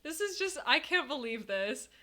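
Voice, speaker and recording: A woman live streaming to chat, talking casually and excitably, laughing often and swinging between giddy and teary. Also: high-pitched, normal speed, background noise. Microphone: headset.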